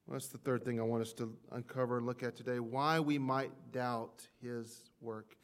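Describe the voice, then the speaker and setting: A man preaching a sermon to a congregation. He leans hard on key words, swings between loud peaks and near-whispered drops, and acts out the doubts of his listeners as quoted prayers. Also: medium pitch, flat delivery, moderate pace. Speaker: pastor.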